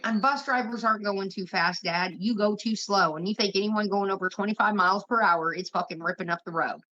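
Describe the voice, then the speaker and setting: A woman's voice: medium pitch, brisk, sharp tone. A young woman hosting a livestream, telling rambling stories full of profanity in casual chat. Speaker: livestream host. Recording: muffled lo-fi stream audio.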